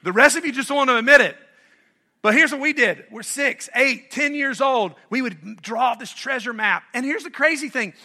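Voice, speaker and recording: A middle-aged man from North Carolina preaching a sermon as pastor, animated and conversational, asking the congregation questions and joking with them. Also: very high voice, normal speed.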